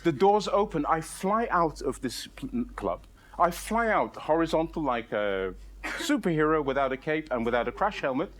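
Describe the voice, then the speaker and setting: A man telling a comic personal story in a playful, self-mocking and animated way, in front of a live audience. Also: on the high side, moderate pace.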